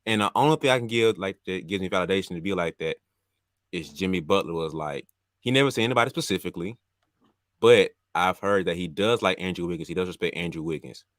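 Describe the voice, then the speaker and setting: A man with a fairly low voice co-hosts a sports podcast in a relaxed, agreeable way. The sound is dry and close, with no room echo. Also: fast. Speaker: podcast co-host. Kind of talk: casual sports chat.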